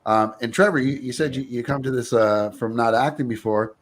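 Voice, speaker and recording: Guy hosting a chat show, slow halting questions, ums everywhere, middle pitch. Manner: hesitant questions with fillers. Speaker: podcast host. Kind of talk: casual interview chat.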